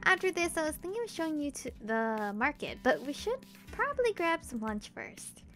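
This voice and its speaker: A bubbly, teasing young woman leads her friend around a futuristic city, voiced by a woman reading a visual novel aloud. The voice sits high and upbeat, with soft game music running underneath. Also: sing-song, moderate pace. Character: cheerful teasing young woman tour guide.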